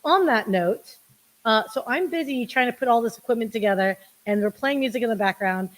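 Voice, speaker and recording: A woman's voice: on the high side, expressive, fairly quick. A woman hosting a casual livestream chat, laughing and self-deprecating as she talks, with everyone sharing one microphone. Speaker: podcast host and producer. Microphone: single shared microphone.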